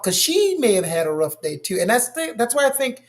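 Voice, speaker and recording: A man chatting in a casual discussion, telling stories with animated asides. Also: very high voice, fairly quick. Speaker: co-host.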